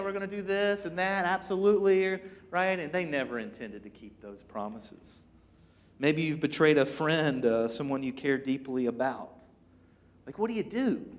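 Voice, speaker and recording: A man preaching to a church congregation, talking in a casual, conversational way and acting out the quoted lines. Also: on the high side. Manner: conversational, acts out quoted lines, many repeats. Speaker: pastor. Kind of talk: sermon.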